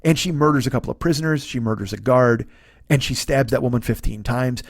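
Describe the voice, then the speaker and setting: A middle-aged podcast host rants about a movie with sarcasm, heavy swearing, and acted-out character lines in a profane, comedic bit. His voice is medium-pitched and brisk, recorded in studio quality with no echo.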